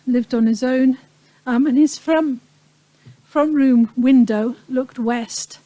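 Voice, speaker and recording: Reflective woman with a mellow voice. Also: high voice, no room sound, low-quality recording. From Falkland Islands. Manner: reflective, pausing often, lightly humorous. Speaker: speaker recounting a wartime childhood. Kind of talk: personal talk to an audience.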